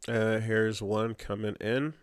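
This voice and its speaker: A man's voice: on the low side, slow pace, smooth, no echo, clean studio sound. A man co-hosting a podcast, reading listener emails aloud and chatting casually. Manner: relaxed, reads letters aloud. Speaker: podcast co-host.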